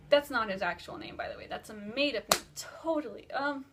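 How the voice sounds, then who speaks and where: A teenage girl vlogger telling a dream story in casual, rambling chat, filler-heavy and animated. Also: high voice, brisk, hardly any pauses, slight background noise. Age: teens. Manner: breathless and animated while retelling a dream.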